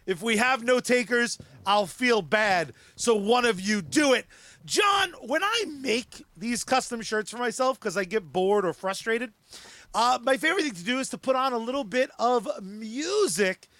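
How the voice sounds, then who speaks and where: High, bright-voiced excitable man. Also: measured pace, no echo. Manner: excitable, jokey, bursts of shouting. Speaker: podcast co-host. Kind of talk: casual chat and sponsor reads.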